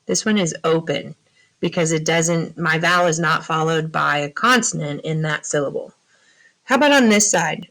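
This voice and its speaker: A woman's voice: lowish voice, creaky, a bit bright, low-quality recording. A woman teaching a phonics lesson to young students, patiently asking questions and answering them herself. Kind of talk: slow classroom phonics lesson.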